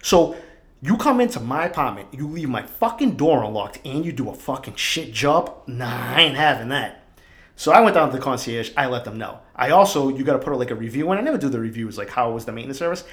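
A man's voice: mid-range voice, expressive, quick pace. A man from East Boston with a Boston accent, hosting a podcast and telling a fired-up, profanity-laden story into his microphone. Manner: profane, fired-up, swears constantly. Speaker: podcast host. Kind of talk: casual storytelling rant. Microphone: studio microphone.

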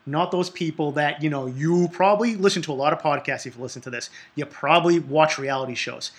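A man's voice: a little high, a little fast. A man in his thirties with a Boston accent, hosting a podcast in a blunt, emphatic monologue full of swearing. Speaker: podcast host.

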